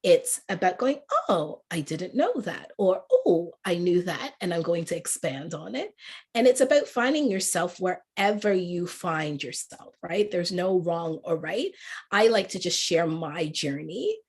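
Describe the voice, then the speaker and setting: Speaker with a mixed English-Canadian-Jamaican accent. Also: female voice, on the low side, a little slow, slightly rough. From born in England, raised in Canada. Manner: warm, laughing, animated, quotes people in lively voices. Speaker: guest speaker, life coach. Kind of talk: motivational talk on a video call. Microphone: video call.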